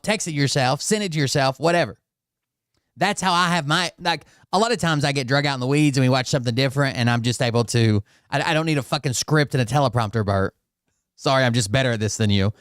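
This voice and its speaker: A man hosts a reaction show and talks back at the clips he plays, sarcastic and mocking, with plenty of swearing. His voice sits a little high and comes through smooth and clean. The sound is dry and close, with no room around it. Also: no room sound. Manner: mocking, sarcastic, profane asides. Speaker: commentary show host.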